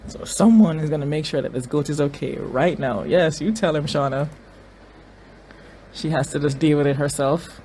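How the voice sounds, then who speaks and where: An excitable host of a TV reaction video talks casually through each scene at normal speed, repeating the same words again and again as he reacts. His voice sits at a middling pitch, with a faint hum beneath.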